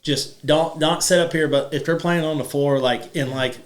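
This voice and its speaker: A man's voice: fairly high pitch, fairly even intonation, moderate pace. A man in his thirties hosting a podcast, talking casually and rambling with lots of "like" fillers. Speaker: podcast host. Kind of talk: casual chat.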